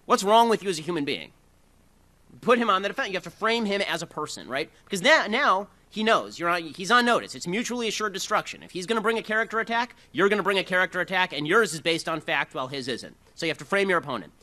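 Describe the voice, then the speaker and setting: Man delivering a combative speech, bright, tense, higher pitched. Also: lively intonation. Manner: fast, combative, sarcastic delivery. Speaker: speaker giving a talk. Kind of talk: speech to a live audience.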